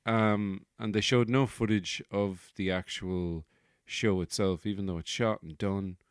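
A man's voice: on the low side, fairly even intonation, unhurried, dry recording, clean studio sound. A man hosting his own podcast, rambling through a comic monologue, correcting himself as he goes and swearing freely. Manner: digressive, self-correcting, sweary. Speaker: podcast host.

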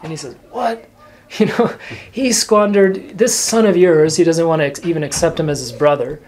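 A man, a priest teaching a catechism class, explaining gently and earnestly with fillers and restarts. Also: on the high side, brisk, rough recording. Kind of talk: catechism lecture. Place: church classroom.

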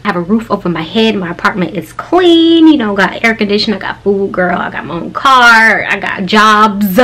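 A woman's voice: mid-range voice, lively intonation, normal speed, pushed and bright. A young woman vlogging casually, chatty and candid, swearing freely and calling her viewers girl and y'all. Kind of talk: casual vlog chat.

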